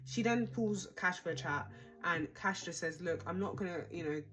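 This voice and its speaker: A woman's voice: lowish voice, normal speed. A young woman casually recapping a reality show, chatty, dramatic and exasperated.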